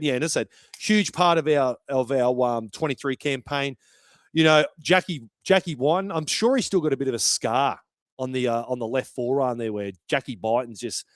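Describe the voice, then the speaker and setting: A man's voice: medium pitch, a bit bright, no room sound. A young Australian man hosting a sports podcast in a brash, chatty way, swearing freely. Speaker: podcast host. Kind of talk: casual podcast commentary.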